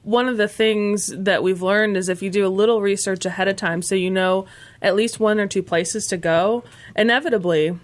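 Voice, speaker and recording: Female co-host, mid pitch, relaxed chatty delivery full of ums. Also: normal speed. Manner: chatty with fillers and restarts. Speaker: podcast co-host. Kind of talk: casual chat.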